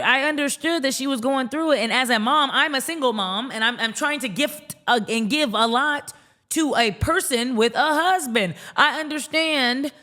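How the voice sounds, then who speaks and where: A young adult woman podcaster telling a heated callout story to camera, rapid and indignant, acting out what others said. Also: sits high, bright, forceful tone. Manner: indignant, rapid storytelling, acts out quoted dialogue.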